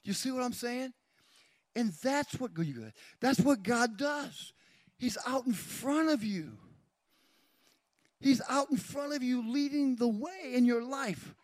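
High-voiced preaching pastor, lively. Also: male voice, slow pace, dry recording, studio quality. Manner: preaching with call-outs to congregation. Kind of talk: sermon with live demonstration.

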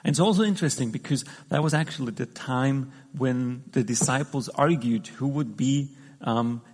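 A man's voice: medium pitch, moderate pace, slightly rough. A man giving a conversational sermon, talking through the scripture with frequent restarts and fillers. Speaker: preacher. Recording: long hall reverb.

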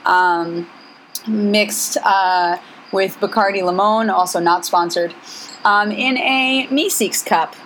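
A woman's voice: medium pitch, takes it slowly, fairly bright tone, a little hiss or hum, low-quality recording. A young woman co-hosting a podcast, telling a story in a rambling, giggly way with lots of fillers. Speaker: podcast co-host. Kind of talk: casual chat, storytelling.

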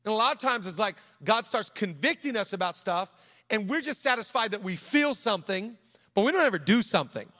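A male pastor preaching a sermon, switching between emphatic declarations and a low, hushed storytelling voice. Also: lively intonation, a little fast. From United States. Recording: reverberant hall.

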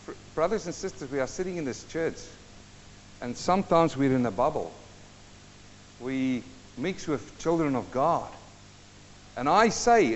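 A man with a high voice preaches a fervent sermon, speaking straight to his congregation. His words ring out with a long church reverb, captured on a muffled, lo-fi recording. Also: expressive, measured pace, long pauses, slight background noise. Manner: fervent, direct address to congregation. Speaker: pastor. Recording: dull echoey church recording.

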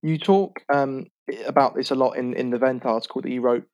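A man's voice: medium pitch, fairly even intonation, a little fast, a little mellow. Man hosting a podcast interview. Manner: encouraging, brief prompts. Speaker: podcast host. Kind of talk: interviewing a guest.

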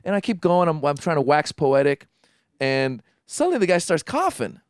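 A man tells a story to his friends in a smooth, slightly high voice, close and dry on the mic. He talks in an animated way, restarts his sentences often and acts out the voices of the people in the story. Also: fairly quick, no room sound. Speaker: podcast co-host telling a story. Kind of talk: casual chat.

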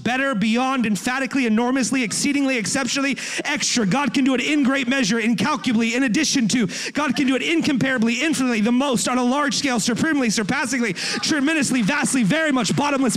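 A man preaching a sermon as a guest speaker in a church, joking between passages and building to shouted, rising crescendos. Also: extremely high pitch.

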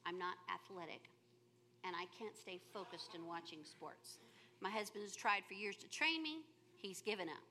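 A woman giving a sermon with animated, humorous storytelling. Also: medium pitch, normal speed, a little hiss or hum. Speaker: church speaker.

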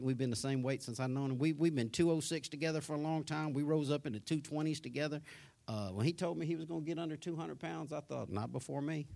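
A middle-aged male pastor delivering a sermon in a church sanctuary. He climbs to loud, emphatic declarations, then drops to a soft, hushed voice for a personal story. His pitch sits in a medium range. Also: gravelly.

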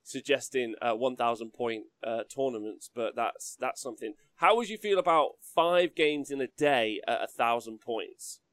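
A man hosting a casual hobby livestream, chatty and quick to laugh as he reads out donations. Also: mid-range voice, a bit bright, no echo. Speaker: livestream host.

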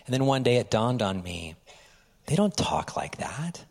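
A man's voice: medium pitch, unhurried. Conversational male pastor preaching in a hall. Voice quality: animated, conversational, drops to quiet asides. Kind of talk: sermon.

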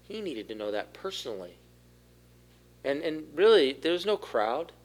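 A man's voice: fairly high pitch, very animated, normal speed. Man preaching, quizzing his congregation. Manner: asks the room questions, rises in force for key points. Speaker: pastor. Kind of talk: interactive sermon.

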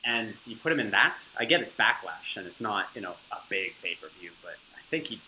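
A man co-hosting a wrestling podcast, making measured, analytical points in casual chat. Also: on the low side, animated, pushed and bright, a little hiss or hum, poor audio. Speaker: podcast co-host.

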